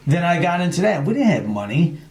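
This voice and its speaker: Middle-aged guy telling hunting stories, kinda high voice, roomy echo. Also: fairly quick. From New York. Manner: storytelling, animated retelling with quoted voices. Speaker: podcast guest, chapter president. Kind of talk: casual conversation. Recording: echoey room.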